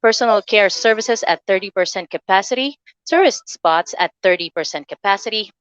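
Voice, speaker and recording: A woman news presenter reads headlines in an even, measured way. Her sound is close and dry, slightly dull and lo-fi. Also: medium pitch, clean tone, no echo. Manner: steady, measured news reading. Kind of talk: read news bulletin.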